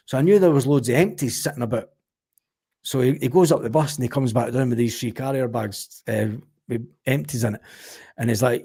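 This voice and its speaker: A Scottish man swapping swearing, animated anecdotes in a casual podcast chat. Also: medium pitch, a little fast, gravelly, slightly rough. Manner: animated storyteller, swears freely. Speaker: podcast guest or panelist.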